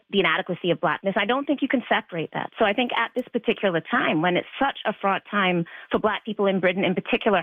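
A woman's voice: medium pitch, dry recording. A woman speaking as a panel guest, analytical and articulate. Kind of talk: panel discussion. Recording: tinny phone-like remote line.

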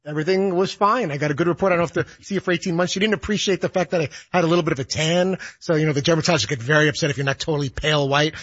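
A man's voice: a little high, rapid-fire, hardly any pauses, a bit bright, no room sound, muffled recording. A man cohosting a sports radio show, chatting in a teasing, matter-of-fact way. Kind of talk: casual chat.

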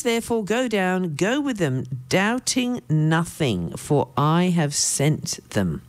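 A woman preacher with a low voice reads scripture and comments in a lively, swinging tone. She speaks with emphatic asides, recorded close and dry. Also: dry recording. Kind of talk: sermon with Bible reading.

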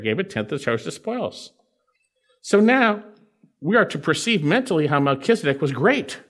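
A man preaching an expository sermon, explaining scripture verse by verse and dropping suddenly to a quiet voice. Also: mid-range voice. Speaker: pastor.

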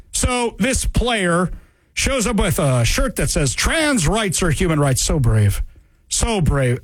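A man with a high voice hosts a talk show, running an opinionated monologue full of sarcasm and mockery. His pitch jumps up and down constantly as he talks. The sound is dry and close, with no room around it. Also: no echo. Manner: sarcastic, mocking, animated.

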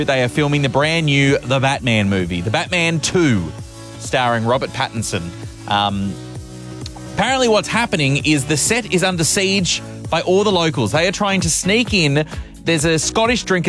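Aussie radio dude rambling jokey on drive time, bit high voice, faint music under him. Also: male voice, fairly bright tone. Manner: chatty, playful, jokey. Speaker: radio host. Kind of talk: casual radio chat.

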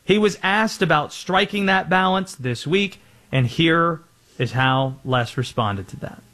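A man's voice: a little high, a little slow, sharp tone. A man hosting a sports talk show, setting up stories and throwing questions to his co-host. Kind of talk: sports news segment hosting.

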